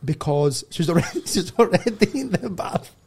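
Higher-voiced man telling a wild comic story. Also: normal speed, vocal fry, husky. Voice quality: animated, swearing, laughs mid-story. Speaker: guest comedian. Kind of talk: casual storytelling.

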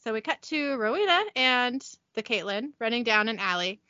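A young woman hosting a podcast, casually recapping a TV episode from her notes, giggly and brisk. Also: a little high, animated, pushed and bright, no room sound, dull audio. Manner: giggly, reads scene descriptions briskly.

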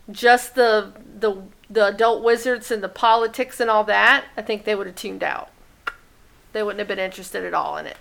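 A woman's voice: medium pitch, gravelly, fairly bright tone. A woman in her thirties, co-hosting a podcast in eager, chatty talk. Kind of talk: casual chat.

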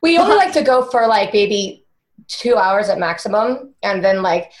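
Woman storyteller, animated, swears a lot, mid pitch, roomy echo. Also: moderate pace, a little hiss or hum. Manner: animated, swears freely, acts out voices. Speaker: podcast host telling a story. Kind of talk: casual storytelling chat.

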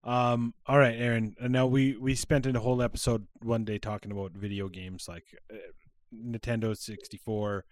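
A man's voice: medium pitch, flat delivery, normal speed, no room sound. A man co-hosting a podcast in casual chat, easygoing and steering the talk with questions. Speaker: podcast co-host.

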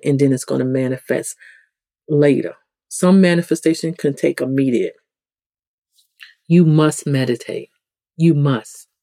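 New York-accented spiritual host, loose chatty teaching, warm tone, dry recording. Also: creaky, no room sound. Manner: conversational, rambling, with frequent restarts; acts out quoted people with sudden pitch jumps. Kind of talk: casual spiritual teaching talk.

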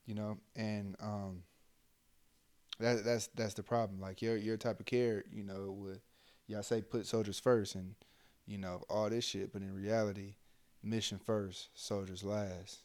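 Blunt profane soldier, low voice. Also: male voice, level tone, unhurried, a little mellow. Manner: blunt, heated, profane, filler-heavy. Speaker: army soldier, podcast co-host. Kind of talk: casual chat.

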